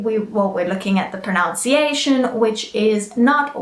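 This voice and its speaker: A woman with a British English accent teaching English pronunciation in a chatty way, often checking in with "all right?" and slowly modelling each word. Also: mid-range voice, lively intonation, echoey room. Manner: slow, careful model pronunciations. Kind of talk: online English lesson.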